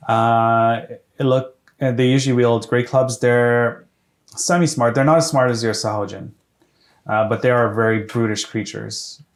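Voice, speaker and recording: A man runs a tabletop game session, his voice worn and going hoarse. He talks in a halting way, full of restarts and fillers, at an ordinary pitch. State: losing his voice, clearing his throat. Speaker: game master.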